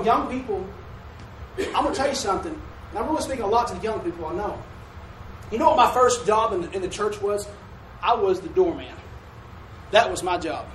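A man's voice: sits high, lively intonation, a little fast, pauses often, a bit bright, a little hiss or hum. A man preaching a folksy sermon with call-and-response, recorded in a church sanctuary from a distant mic. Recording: echoey room from a distant mic.

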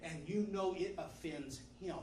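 A man's voice: fairly high pitch, a little slow, background noise. A man preaching a fervent sermon, repeating phrases in call-and-response style. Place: church sanctuary. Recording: roomy, distant mic in a hall.

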